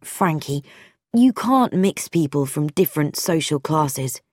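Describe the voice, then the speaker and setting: An earnest, loyal young ex-navy man, read by a woman in an audiobook, speaking plainly with a lively rise and fall to his lines. The voice sits low and the recording is close and dry. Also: measured pace, no room sound. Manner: plain, frank, self-deprecating. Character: young male ex-naval vicar's son, earnest and loyal.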